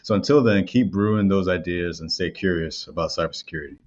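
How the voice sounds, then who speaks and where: A man hosting a podcast in a relaxed way, with frequent "uh" fillers. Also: sits low, fast talker, muffled recording. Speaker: podcast host.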